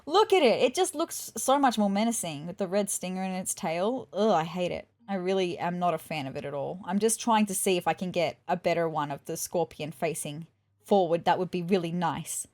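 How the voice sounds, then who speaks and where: Playing a life-sim game for her YouTube channel, a woman offers relaxed let's play commentary, talking through her thoughts as she explores and getting a bit squeamish at times. She speaks fairly quickly in a fairly low, darkish voice.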